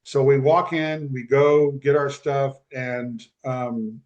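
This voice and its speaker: On a muffled recording, a man with a medium-pitched voice talks slowly. He's a podcast guest recounting a personal story in casual conversation, animatedly voicing the people he quotes.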